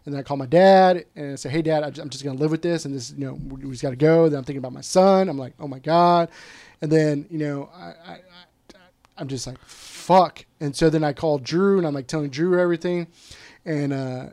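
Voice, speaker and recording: Guy with a kinda high voice telling his story, swears a lot, super candid. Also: fast talker, warm tone. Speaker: guest. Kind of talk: casual storytelling.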